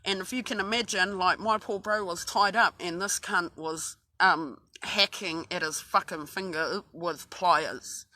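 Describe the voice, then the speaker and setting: A woman's voice: fairly low pitch, unhurried, few pauses, sharp tone, no room sound. An Australian woman telling a story casually, swearing constantly and restarting her sentences often. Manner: heavy swearing, rambling with many restarts. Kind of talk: casual true-crime storytelling.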